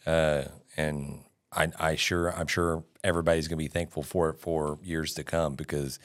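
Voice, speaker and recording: A man co-hosting a podcast, talking casually with halting, stammering restarts. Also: extremely low pitch, little pitch movement. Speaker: podcast co-host. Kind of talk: casual chat.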